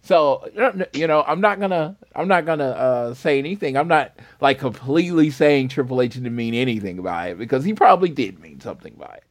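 A man's voice: medium pitch, lively intonation, brisk, few pauses, no echo, clean studio sound. A man co-hosting a casual wrestling podcast, talking in a laid-back, rambling way. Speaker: podcast co-host.

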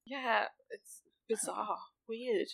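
A woman's voice: a little high, drawn-out words, vocal fry. A woman in her thirties co-hosting a podcast, making sarcastic jokes and swearing in casual chat. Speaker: podcast co-host.

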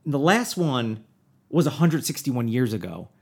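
Male podcast host, casual and jokey, expressive pitch, rambling delivery. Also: measured pace, slightly rough. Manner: loose, joking, lots of fillers and trailing off. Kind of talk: casual chat.

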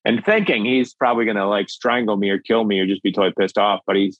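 A man in his fifties from Minnesota, a filmmaker and actor telling a story in a lively, animated way over a video call. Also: fairly low pitch, fast, no echo, dull audio. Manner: lively, acts out voices, stammers on restarts.

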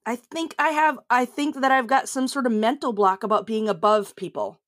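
A woman's voice: on the high side, normal speed. Candid woman comic reflecting. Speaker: comedian. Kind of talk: interview reflection.

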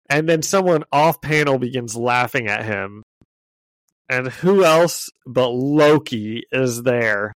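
A man of ordinary pitch chats on a podcast, recapping a comic story in a loose, amused way. His voice sits close and dry on the mic, with little room sound. He drops quick paraphrased lines from the characters as he goes. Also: expressive, no echo. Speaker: podcast co-host. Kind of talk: casual chat, retelling a comic.

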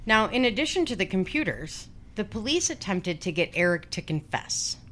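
A woman's voice: mid-range voice, sing-song, normal speed, fairly bright tone, a little hiss or hum. A woman in her forties telling a true-crime story on a casual podcast, blunt and sweary with sarcastic asides. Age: 40s. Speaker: podcast host.

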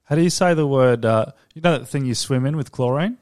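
An Australian man trading casual banter on a podcast, blunt and quick to swear. His voice sits at an ordinary middle pitch, and the recording is dry and close, with no room sound. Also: a little mellow, no room sound. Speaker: podcast co-host. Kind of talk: casual chat.

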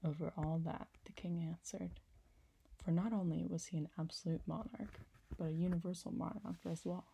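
A woman narrating a storybook chapter in a calm, measured reading. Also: lowish voice, creaky, slight background noise, rough recording. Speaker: audiobook narrator.

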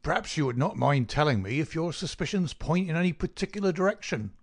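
A man's voice: a little high, lively intonation, fast, slightly rough, voice pushed up. A man voicing a proud, impatient male doctor in an audiobook reading. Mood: curt. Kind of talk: audiobook character voice.

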